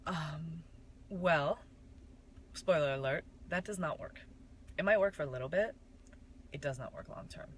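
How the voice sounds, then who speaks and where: A woman's voice: deep voice, measured pace, long pauses, slight background noise, poor audio. A young woman from Michigan telling her network marketing story in a casual, candid way, with frequent fillers.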